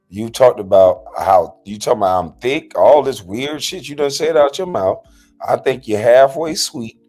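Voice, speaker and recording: A man rants and mocks in a husky voice, his pitch leaping wildly from line to line. He swings between loud jabs and muttered asides. Faint music plays underneath. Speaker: host. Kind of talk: profane reaction rant.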